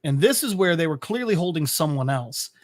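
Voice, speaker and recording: A man co-hosting a casual podcast, recapping a comic in an animated way, swearing freely and laughing at his own asides. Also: on the high side, a little fast, no room sound, studio quality. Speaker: podcast co-host.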